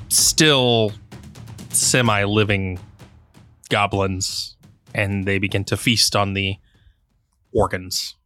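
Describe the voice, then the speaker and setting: A man runs a tabletop game, narrating grim scenes in a slow, drawn-out way. His voice sits fairly low, and a faint instrument plays beneath it. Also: sharp tone. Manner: slow, dramatic descriptive narration. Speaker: game master.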